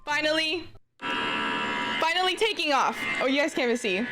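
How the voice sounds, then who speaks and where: Animated high-voiced young woman ranting. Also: moderate pace, loud music behind the voice. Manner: animated, swears a lot, swings from flat complaint to shrieking disbelief. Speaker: streamer. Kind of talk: casual storytime vlog.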